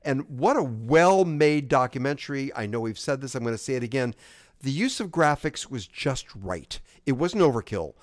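Man, podcast co-host, dry close sound, quick agreeing interjections. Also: medium pitch, animated, no room sound. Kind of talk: casual chat about movies.

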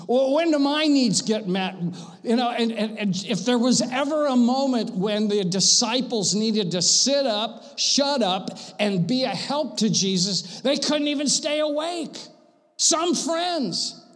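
A man preaching a sermon to his church, swinging from loud passionate bursts to hushed, intimate lines. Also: extremely high pitch, expressive, a little slow, long reverb tail. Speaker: pastor. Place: church sanctuary.

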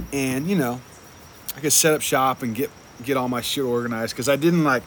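A man's voice: mid-range voice, a bit bright, slight background noise. A young man telling a rambling travel story in a casual, laid-back way, swearing often and filling his talk with "like" and "dude". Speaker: traveling motorcycle vlogger.

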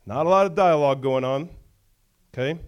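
A man's voice: fairly high pitch, a little fast, clear, resonant tone, dull audio. A male pastor preaching a conversational sermon, often checking in with the congregation.

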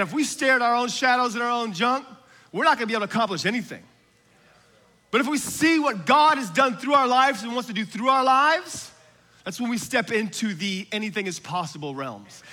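A man preaching a sermon, moving from hushed, whispered asides to loud, shouted exhortation, with casual slang and laughter. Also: extremely high pitch. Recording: long hall reverb from a large room.

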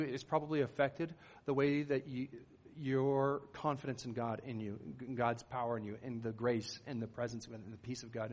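A man's voice: medium pitch, a little mellow, long reverb tail. A middle-aged man, a pastor, preaching a sermon in an earnest, conversational way, with rising emphatic bursts.

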